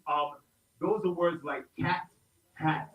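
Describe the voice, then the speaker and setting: A middle-aged man from South Carolina runs a lively hip-hop rhyming lesson, calling out to the group and getting them to answer back. His voice sits a little high. He is recorded from a distance in a roomy space, and the sound is muffled. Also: slow pace. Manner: upbeat call-and-response with a group, playful. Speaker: hip-hop teaching artist. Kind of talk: interactive workshop lesson. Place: indoor room with an audience.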